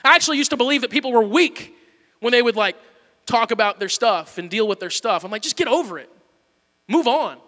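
A man preaching a sermon in a church, candid and self-deprecating, moving between hushed talk and shouting. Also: extremely high pitch, fast talker, long reverb tail. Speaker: pastor.

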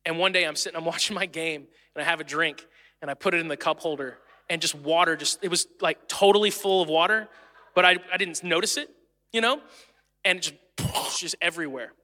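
A man in his thirties preaching a sermon as a pastor, conversational and self-deprecating, with animated storytelling. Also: on the high side, fairly quick. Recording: long reverb of a large hall.

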